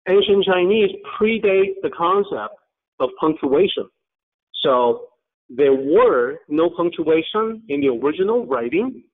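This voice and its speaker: A man leads a lesson with patient explanations, his voice sitting a little high. He talks in short, halting phrases and pauses to ask the class questions. The sound is thin and tinny, like a phone call. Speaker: teacher. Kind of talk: online class lecture.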